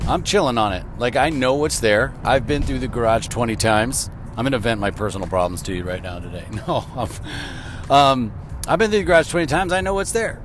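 A middle-aged man, chatting casually on his podcast while driving to work, rambling and laughing easily. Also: medium pitch. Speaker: podcast host. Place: in a car.

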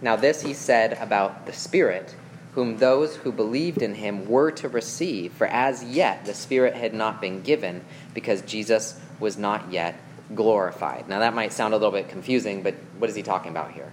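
A man's voice: on the low side, normal speed, a little hiss or hum. A man teaching a Bible passage in a conversational way, reading verses aloud, explaining them and checking in with his listeners. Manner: reads scripture aloud, then explains it; checks in with listeners with questions and "okay?".

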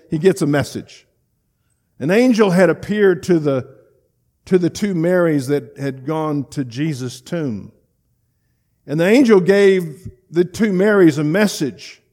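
Storytelling male preacher, somewhat high voice. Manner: storytelling preacher, swings between loud emphasis and hushed reflection. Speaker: pastor. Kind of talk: sermon.

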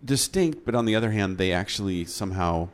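Encouraging male interviewer, lower voice. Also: lively intonation, a little fast. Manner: enthusiastic, encouraging. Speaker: interviewer and consultant. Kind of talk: casual interview conversation.

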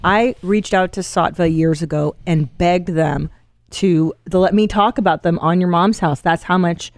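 A woman's voice: on the low side, normal speed, dry recording, clean studio sound. A woman co-hosting a comedy podcast, reading a sponsor ad in an enthusiastic, chatty way. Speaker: podcast co-host reading ads. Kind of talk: casual ad read.

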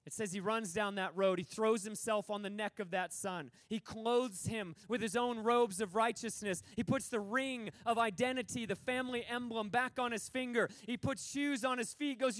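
A man's voice: very high-pitched, normal speed, few pauses, fairly bright tone, no room sound. A middle-aged man preaching a passionate, emphatic sermon, acting out the quoted dialogue from the stories he tells. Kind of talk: conference sermon.

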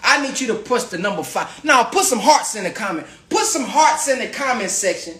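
A man hosting a live stream, pitching a farm venture to his viewers in an emphatic, repetitive way that keeps calling out to the audience. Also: animated, a little fast, fairly bright tone, reverberant. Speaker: livestream host promoting a farm venture.

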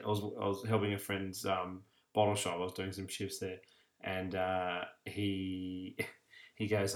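A man's voice: low voice, little pitch movement, moderate pace, a bit bright, roomy sound. An Australian man co-hosting a casual podcast chat, telling stories and laughing as he talks. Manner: chatty storyteller, laughs while talking. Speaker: podcast co-host.

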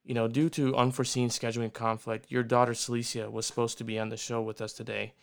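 A man's voice: mid-range voice, flat delivery, fast talker, gravelly, smooth. A man from Michigan hosting a radio show, chatting and plugging a guest in a loose, upbeat way. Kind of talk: casual radio interview.

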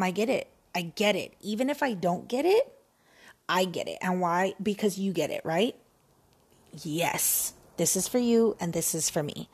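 A woman hosting a casual solo podcast, talking in an animated, emphatic way and repeating phrases for effect. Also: fairly low pitch, creaky, breathy edge. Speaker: podcast host.

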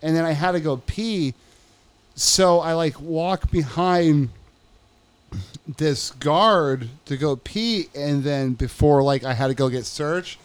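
A man's voice: on the high side, takes it slowly, smooth. A young man in casual chat, telling a profane story and acting out the people in it. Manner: profane, animated storytelling with acted-out quotes. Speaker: guest telling stories.

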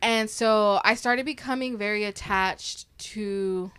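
A young woman with a clear, smooth voice chats frankly and with emphasis, dropping casual swears. The sound is dry and close, with almost no room around her. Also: medium pitch, slow pace, a bit bright, no room sound. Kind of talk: casual chat.

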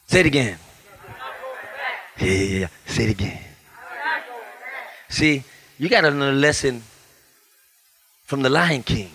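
A middle-aged male pastor, preaching a lively sermon with humor, chanted repetition and sudden shifts between loud high bursts and soft low asides. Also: normal speed, pauses often, slightly rough. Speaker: guest pastor. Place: church.

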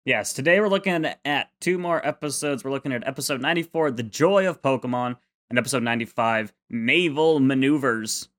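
A man co-hosting a casual podcast chat, ranting in an animated way with plenty of swearing. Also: mid-range voice, a little fast, hardly any pauses. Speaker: podcast co-host.

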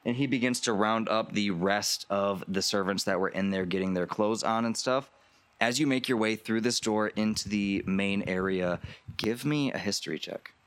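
A man's voice: lowish voice, normal speed, no echo. A man narrating a tabletop game as game master, casual and loose.

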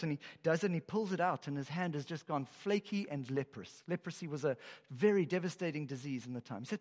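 A man preaching a sermon as a pastor, telling the story in an animated way and acting out the lines he quotes. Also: on the high side, fairly quick. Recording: echoey hall with long reverb.

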